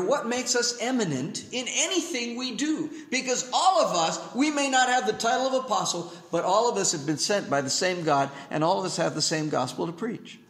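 High-voiced animated preacher man. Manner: animated, pitch swings up and down, acts out quotes. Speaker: pastor. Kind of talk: sermon. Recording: echoey room.

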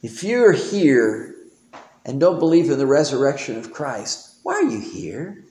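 A man preaching a sermon in a church, animated and emphatic, with homely humor. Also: medium pitch, a little slow. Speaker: pastor. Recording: roomy echo.

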